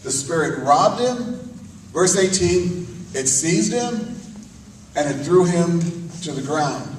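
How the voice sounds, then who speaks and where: A man, a pastor, preaching a sermon with call-and-response, swinging from loud outbursts to hushed questions. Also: fairly high pitch, lively intonation, slow, a little hiss or hum. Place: church chapel. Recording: echoey room picked up from a distance.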